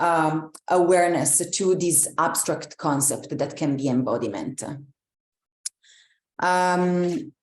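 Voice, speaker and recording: Italian-accented woman coach, lowish voice, loose reflective delivery in an echoey room. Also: darkish tone. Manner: many fillers and restarts, reflective. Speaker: embodiment coach. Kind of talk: live online talk to a group.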